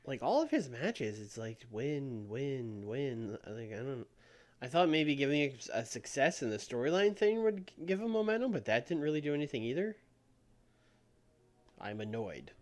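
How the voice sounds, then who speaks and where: A man's voice: mid-range voice, expressive, normal speed, a little mellow. A man streaming a game with casual commentary, making wry, muttered asides and laughing often. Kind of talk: casual let's-play commentary.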